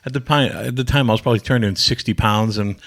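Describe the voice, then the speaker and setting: A man's voice: on the low side, quick pace. A man, a former pro wrestler, sitting as a podcast guest and telling rambling, blunt, profane stories while acting out what others said. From New England. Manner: rambling anecdotes, blunt and profane, acts out quoted lines. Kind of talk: casual storytelling interview.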